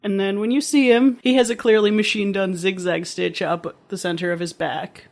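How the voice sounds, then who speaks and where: Podcast co-host, mid pitch, casual chat, nitpicky detail, laughs a lot. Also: fairly even intonation, normal speed, gravelly.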